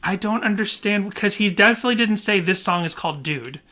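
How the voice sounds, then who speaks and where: A man co-hosting a casual podcast, animated and puzzled, often laughing as he talks. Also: high voice, fairly quick. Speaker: podcast co-host.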